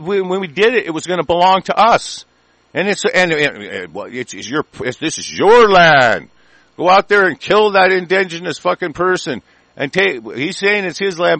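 Angry American male radio host, higher-pitched voice, dry close sound, swearing and stumbling over restarts. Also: vocal fry, fairly bright tone, dry recording. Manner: angry, profane, stammering restarts. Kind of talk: ranting talk radio monologue.

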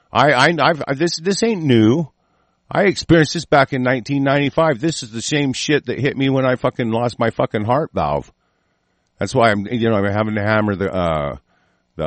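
An American man hosting an online show, delivering a profane, angry political rant that swings from muttering to shouting while sick. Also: mid-range voice, no room sound. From United States.

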